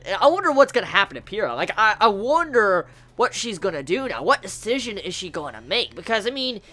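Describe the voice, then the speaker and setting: A woman reviewing an animated series episode, gushing with excitement and swearing freely as she talks. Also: mid-range voice, a little fast, faint music behind. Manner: gushing, profane, emphatic.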